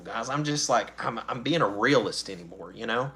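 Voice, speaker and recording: A man's voice: mid-range voice, lively intonation, brisk, fairly bright tone. A middle-aged man, chatting casually on his channel in a rambling, folksy way with frequent laughs. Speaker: channel host. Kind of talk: casual live-stream chat.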